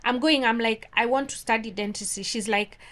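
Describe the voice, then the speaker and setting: A woman from Kenya, an orthodontist guest in a casual interview, telling a story in a lively way and acting out the dialogue. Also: a little high, fairly quick. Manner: animated, acts out quoted dialogue.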